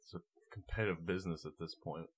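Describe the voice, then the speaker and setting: Low-voiced man, rambling podcast co-host. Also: quick pace, breathy edge. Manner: relaxed, rambling with fillers. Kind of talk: casual chat.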